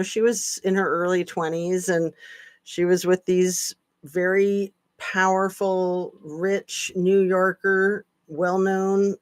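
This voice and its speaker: A woman's voice: lowish voice, no echo. A woman hosting a casual live-stream chat, chatty with sarcastic asides. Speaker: channel host.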